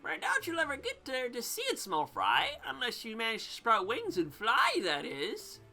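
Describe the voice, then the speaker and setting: A brash talking fish who heckles and bosses everyone around, pitched high and pushed loud, his bright sharp voice jumping up and down, as a woman puts him on. He sounds like a condescending game character with faint music playing under him. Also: wildly swooping pitch, normal speed, heavily acted. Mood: bossy. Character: brash pushy male talking fish, gruff.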